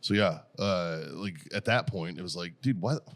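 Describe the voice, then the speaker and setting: A man's voice: deep voice, fairly even intonation, normal speed, a bit bright. A middle-aged American man telling profane stories in casual podcast chat, laughing often as he goes. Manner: profane, storytelling, laughs a lot. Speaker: podcast host.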